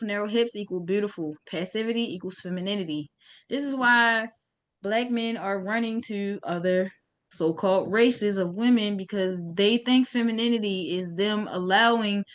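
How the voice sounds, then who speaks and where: A woman presenting opinionated commentary over slides, blunt and emphatic, with casual slang. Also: mid-range voice.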